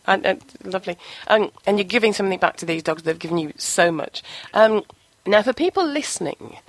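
A woman hosting an interview, warmly encouraging and asking tag questions. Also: lowish voice, dry recording. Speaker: host. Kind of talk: casual interview chat.

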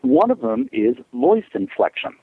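A man's voice: medium pitch, very animated, normal speed, slightly rough, no room sound. A man from the United States, a dog trainer, talking emphatically in an interview and acting out voices in his examples. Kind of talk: animated interview talk. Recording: dry tinny phone line.

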